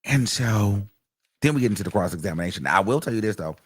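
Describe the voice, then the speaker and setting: A man hosting a casual commentary stream, talking in a chatty, animated and profane way, with lots of fillers. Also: lowish voice, fast, breathy edge. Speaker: host.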